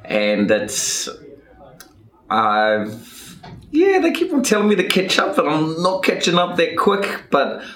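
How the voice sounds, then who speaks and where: A man with a New Zealand accent, a podcast guest telling his life story in a relaxed, thoughtful way with easy chuckles. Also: a little high, slow. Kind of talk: reflective life story, casual chat. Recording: echoey room.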